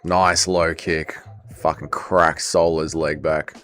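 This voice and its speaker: A young Welsh man hosting a casual livestream watch-along, chatting excitedly with his viewers and calling the action. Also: a bass voice, takes it slowly, faint music behind. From Wales. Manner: excitable, chatty, reads chat aloud. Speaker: livestream host.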